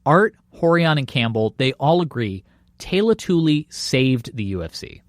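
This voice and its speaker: A man narrating a documentary podcast in a lively storytelling cadence. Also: medium pitch, measured pace, no echo, studio quality. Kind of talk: scripted narration.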